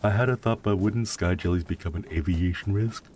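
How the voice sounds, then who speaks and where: A man streaming a game from home and chatting casually. He is sleepy and yawning, and he muses dreamily with soft exclamations of delight. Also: low voice, fairly quick, a little hiss or hum. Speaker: livestreamer. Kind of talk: casual gameplay commentary.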